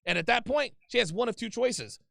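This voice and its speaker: A man's voice: very high-pitched, expressive, brisk, creaky, sharp tone, dry recording, clean studio sound. A man hosting a call-in advice show, talking bluntly and emphatically with plenty of swearing. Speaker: host taking calls.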